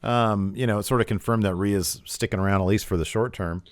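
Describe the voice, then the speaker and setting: A man co-hosting a podcast, recapping wrestling in casual chat and acting out quotes with lively raised voices. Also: fairly low pitch, a little fast, dry recording. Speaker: podcast co-host.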